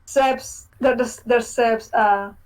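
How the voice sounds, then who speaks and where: A young woman with a high voice is a guest on a casual interview podcast. She rambles through fillers and restarts and giggles often, and she is heard over a video call. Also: steady tone, slow, a little mellow, rough recording. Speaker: game developer guest.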